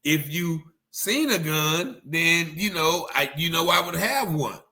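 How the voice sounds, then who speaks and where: A man's voice: a little high, expressive, slow pace, pushed and bright, voice pushed up, exaggerated voice. A man voicing another man who explains himself to police in casual street talk. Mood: explaining.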